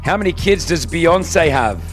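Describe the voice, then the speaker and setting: A man hosting a live morning radio show, teasing his co-host and running a quiz at a brisk pace. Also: a little high, expressive, soft background music. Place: hotel venue for a live broadcast.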